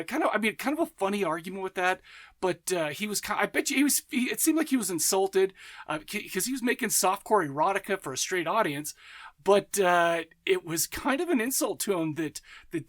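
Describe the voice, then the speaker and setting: High-voiced enthusiastic rambling man. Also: fairly bright tone. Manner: enthusiastic, rambling, self-interrupting; laughs and acts out voices in anecdotes. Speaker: podcast host. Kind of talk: casual monologue.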